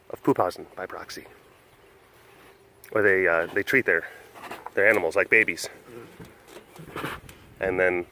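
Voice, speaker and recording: A man rambles casually through his animal webcast and laughs often at himself. His voice sits at an ordinary middle pitch, and he drifts into cooing baby talk with the animals. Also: fairly bright tone. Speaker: vlog host at a wild animal facility.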